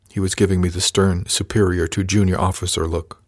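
A man reading a first-person novel aloud as an audiobook narrator, measured and lightly voicing the characters. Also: low-pitched, level tone, no echo, studio quality.

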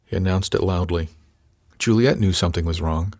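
A man reading a first-person novel aloud as an audiobook narrator, measured and lightly voicing the characters. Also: low voice, a little mellow, dry recording, studio quality.

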